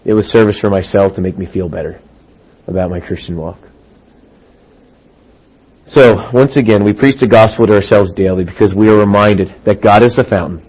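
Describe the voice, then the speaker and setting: A middle-aged man preaching a sermon as a pastor, acting out quoted voices and swinging from loud emphasis to hushed asides. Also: lowish voice, normal speed, pauses often, breathy edge, dull audio.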